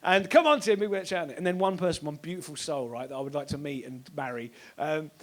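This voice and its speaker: A man performing a sweary, animated stand-up comedy set on a club stage, now and then bursting into shouts. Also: fairly high pitch, quick pace. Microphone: stage microphone.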